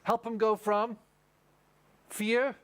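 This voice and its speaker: A male pastor with a high-pitched voice preaches at a camp meeting. He tells a story step by step and throws questions out to the congregation. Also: level tone, extremely slow, a bit bright. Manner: storytelling, asks the audience questions. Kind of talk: sermon.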